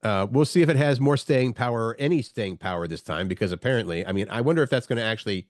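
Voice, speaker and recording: Guy cohosting a morning show, stuffed up nose from a cold, talks fast, dry close mic. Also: mid-range voice, animated, no echo. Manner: easygoing, chatty, fast-talking. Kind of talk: casual radio-style chat.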